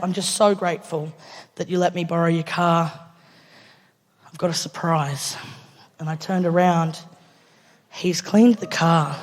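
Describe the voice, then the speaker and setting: A woman's voice: medium pitch, darkish tone. An Australian woman comedian telling a story on stage, laughing through her punchlines and acting out other people's lines. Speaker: stand-up comedian. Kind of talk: live stand-up storytelling. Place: large theatre stage before a live audience. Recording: live theatre with long reverb.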